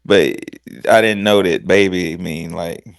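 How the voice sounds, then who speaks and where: A man's voice: sits low, a little slow, gravelly, no room sound, clean studio sound. A man hosting a podcast, telling loose, profane stories in casual chat. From American South. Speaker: podcast host.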